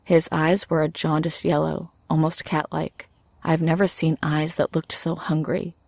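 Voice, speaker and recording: A woman narrates a horror story in a low, flat voice with a gravelly rasp. Her delivery is steady and scripted, and the recording is dry and close. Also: a little slow, no echo.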